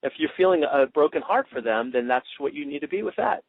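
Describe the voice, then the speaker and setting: A man's voice: on the high side, lively intonation, brisk, gravelly, dry recording. A man teaching a coaching class in a loose, demonstrative way, acting out what a coach might say. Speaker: coaching trainer. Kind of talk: coaching class over a phone line. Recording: tinny dry phone line.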